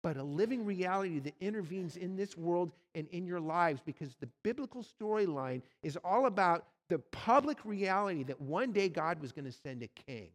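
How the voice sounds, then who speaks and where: A male pastor delivering a sermon, slightly high in pitch. He tells stories and turns to address the congregation directly. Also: lively intonation, normal speed, few pauses.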